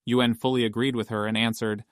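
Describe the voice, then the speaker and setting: A man reading a scripted story recap in a steady, matter-of-fact way. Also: mid-range voice, a little fast, no room sound, studio quality. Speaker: recap narrator.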